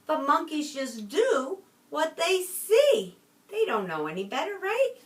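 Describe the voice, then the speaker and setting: Reading a picture book expressively to her class, a woman teacher pauses often to quiz the children. Her voice sits high with big swings in pitch, and the sound is roomy, captured from a distance.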